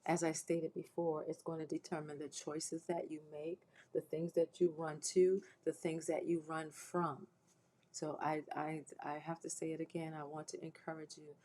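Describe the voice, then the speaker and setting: Low-voiced woman making an earnest appeal. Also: flat delivery, normal speed, warm tone, a little hiss or hum, rough recording. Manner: earnest, repeats herself with restarts, preacherly encouragement. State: emotional, close to tears. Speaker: host of a faith-based livestream. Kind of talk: heartfelt spoken appeal to viewers.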